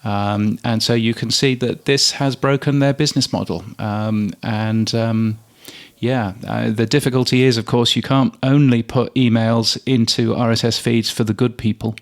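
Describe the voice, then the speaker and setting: Gravelly, hesitant man co-hosting. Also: medium pitch, steady tone, moderate pace. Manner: hesitant, many ums and uhs. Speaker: podcast news co-host. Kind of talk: casual chat.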